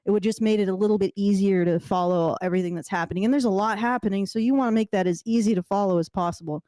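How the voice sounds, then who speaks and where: A woman's voice: mid-range voice, very fast, no room sound. A woman casually breaking down a TV drama, talking with lots of restarts and acting out characters' lines. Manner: animated, many restarts, acts out characters' lines. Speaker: commentator. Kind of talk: casual TV show analysis chat.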